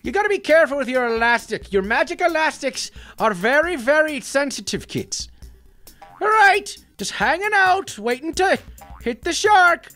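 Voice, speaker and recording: A man voicing a cheeky, excitable Irish leprechaun who plays a mobile game and shouts at the action, in an Irish accent. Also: very high voice, moderate pace, heavily acted. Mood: excited. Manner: excitable, exclamatory, jokey stage-Irish. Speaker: gaming channel character. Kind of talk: playing a mobile game with commentary. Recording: faint background music.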